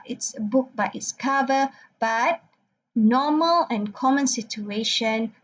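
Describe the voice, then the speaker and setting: A woman's voice: a little high, slightly rough, low-quality recording. A woman lecturer talking through her slides and checking in with "okay" again and again. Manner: frequent "okay" check-ins, non-native phrasing.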